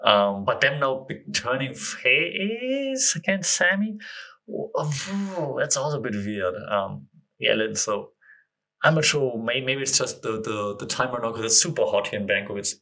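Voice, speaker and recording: A man's voice: on the low side, moderate pace, creaky, bright, forceful tone. A man hosting his own podcast, chatting casually and thinking aloud in a loose, rambling way. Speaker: podcast host. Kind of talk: casual solo podcast chat.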